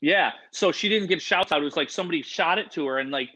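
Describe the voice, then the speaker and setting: A man telling a rambling, animated story in a casual interview, acting out the voices of people in it. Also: a little high, fast, poor audio. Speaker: animal entertainer guest.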